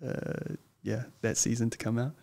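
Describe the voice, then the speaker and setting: A young man, a guest chatting casually in an interview, earnest and hesitant, often pausing with ums. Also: mid-range voice, little pitch movement, vocal fry, dark tone. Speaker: guest, lawyer and wrestler.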